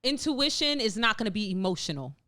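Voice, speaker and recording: A woman co-hosting a casual podcast chat, telling stories in an animated, expressive way with relaxed slang. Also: fairly high pitch, a little fast. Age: adult with a young daughter. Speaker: podcast co-host.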